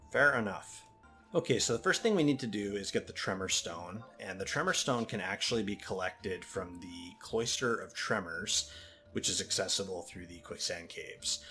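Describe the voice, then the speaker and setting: A man hosting a gaming video, casually explaining as he plays in a relaxed way. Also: sits low, moderate pace, faint music behind. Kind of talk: casual let's-play narration.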